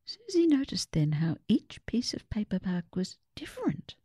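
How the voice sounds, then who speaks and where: A woman reading a children's story aloud in a measured, expressive way. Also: medium pitch, breathy edge, dry recording, clean studio sound. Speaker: reader. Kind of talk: storybook narration.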